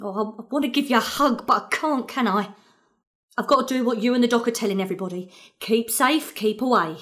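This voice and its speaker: A fond, grieving working-class mother with a Cockney accent, played by a woman in a radio play. Her voice sits a little high, and she rambles in an earnest, apologetic way. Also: a little fast, a bit bright, natural voice. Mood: apologetic pleading. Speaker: actor in an audio drama.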